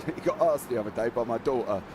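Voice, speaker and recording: A man commentating a live sim race, chatty and jokey, talking quickly over a noisy background. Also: mid-range voice.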